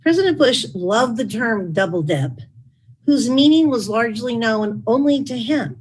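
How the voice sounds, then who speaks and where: A woman's voice: fairly high pitch, lively intonation, measured pace, darkish tone, breathy edge, rough recording. A middle-aged woman reading wry, dry-humored anecdotes from her own book at a public talk. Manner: wry storytelling with dry asides. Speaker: author and former chief of staff.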